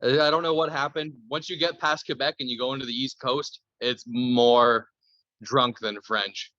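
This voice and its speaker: A man's voice: mid-range voice, fairly even intonation, normal speed, bright, forceful tone, no echo, dull audio. A man from Canada chatting casually on a podcast, telling loose stories full of swearing. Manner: loose, profane storytelling. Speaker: podcast guest.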